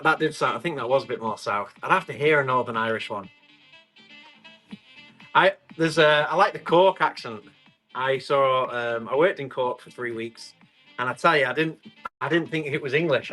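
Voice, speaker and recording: A man's voice: on the high side, bright, forceful tone. A man running a live online tool auction, chatting casually and rambling as he jokes with viewers. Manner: chatty and rambling, joking with the chat. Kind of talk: casual live-stream chat.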